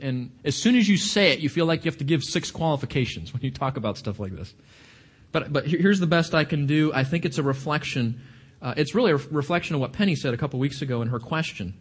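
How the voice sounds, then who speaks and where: A man preaches to his congregation in a fairly high voice. He talks in an animated way, repeating and restarting words as he builds his points. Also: slightly rough. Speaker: pastor. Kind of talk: sermon.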